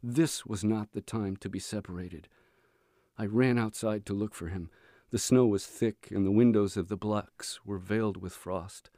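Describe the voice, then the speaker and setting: A man reading a book aloud as an audiobook for his students, measured and earnest. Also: fairly low pitch, dark tone, no room sound, clean studio sound.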